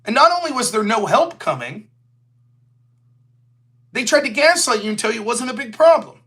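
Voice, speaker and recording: Sarcastic guy ranting on his own show, bright edgy voice, pitch bouncing all over. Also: big pitch swings, moderate pace. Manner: sarcastic, mocking, puts on silly voices to mimic opponents. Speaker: show host. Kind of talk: solo political commentary.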